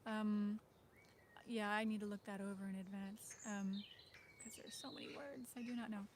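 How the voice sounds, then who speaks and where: Birdsong and background noise fill the recording as a woman hosts a casual livestream chat at normal speed, her medium-pitched voice fairly even. She rambles hesitantly, with lots of fillers and little laughs.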